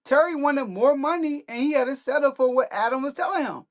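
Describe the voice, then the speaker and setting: A man's voice: very high-pitched, animated, fairly quick, hardly any pauses, no room sound, poor audio. A man hosting a sports talk show, arguing blunt, emphatic points in casual chat over a video call with glitchy audio.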